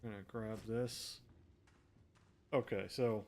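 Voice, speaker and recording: A man's voice: on the low side, level tone, slow. Chatty man streaming a game. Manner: chatty, self-deprecating, talks to chat while playing. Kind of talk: casual gameplay commentary. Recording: faint music in the background.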